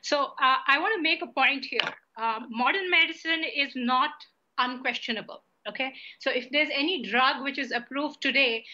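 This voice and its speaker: A woman panelist on a TV debate, making her point in a measured, explanatory way. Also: sits high, sharp tone, highs cut off. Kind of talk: TV debate argument.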